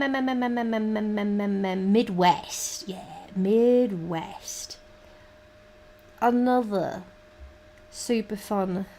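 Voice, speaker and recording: A woman's voice: medium pitch, a little mellow, a little hiss or hum. Chatty woman muttering while she paints. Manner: chatty, mutters to herself, swears casually. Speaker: livestreamer. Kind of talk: casual chat while painting.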